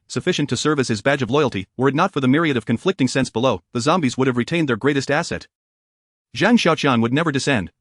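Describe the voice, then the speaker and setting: A man narrating an audiobook in a brisk, even storytelling manner. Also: medium pitch, no echo, clean studio sound.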